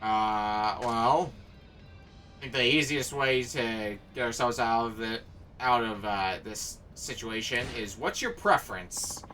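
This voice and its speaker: Bright-voiced man streaming a game. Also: medium pitch, slow, distant mic, faint music behind. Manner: wry, self-deprecating. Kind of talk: casual gameplay commentary.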